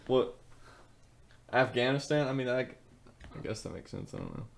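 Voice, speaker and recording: A man's voice: mid-range voice, wildly swooping pitch, moderate pace, vocal fry, a little hiss or hum. A young man co-hosting a podcast, laid-back and casual, with offhand swearing. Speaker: podcast co-host. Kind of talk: casual chat.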